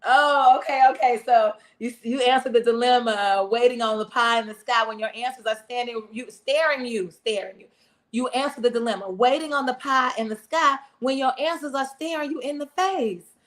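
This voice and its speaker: A woman pastor preaches a live-streamed sermon with call-and-response and repeated phrases, speaking to camera while wearing hearing aids. Her voice is a little high and a bit bright, at a normal speed.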